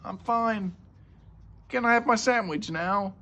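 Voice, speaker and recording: A man doing an eager high-voiced little boy. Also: slow pace, pushed and bright, exaggerated voice. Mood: cheerful. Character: cheerful young flat boy.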